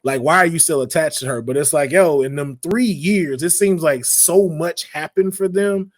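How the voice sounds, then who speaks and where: A man hosting a casual podcast chat, talking in slangy, animated bursts and acting out quotes in playful voices. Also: on the high side, normal speed. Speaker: podcast host.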